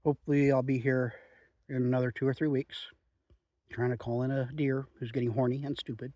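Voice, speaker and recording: A man chatting in a relaxed, rambling way outdoors in the woods while reviewing a chew. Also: medium pitch, fairly quick, no room sound. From Oregon. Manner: chatty, relaxed, frequent "um" and "you know". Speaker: outdoor vlogger reviewing chewing tobacco. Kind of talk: rambling casual monologue.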